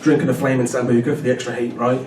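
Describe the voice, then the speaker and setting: This stand-up comic is a man in his thirties at a pub comedy night, talking very fast in a flat, mid-range voice. He chats away and keeps asking the crowd "right?". Captured from a distance in an echoey room, the clip carries loud noise.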